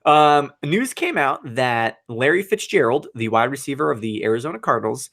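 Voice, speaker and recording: A man co-hosting a casual sports podcast, talking football in an excitable, animated way and laughing often. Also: medium pitch, moderate pace, vocal fry.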